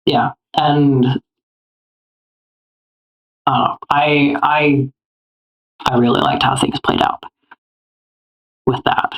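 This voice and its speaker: Halting podcast co-host in casual chat. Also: mid-range voice, level tone, fairly bright tone, poor audio. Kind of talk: casual movie discussion.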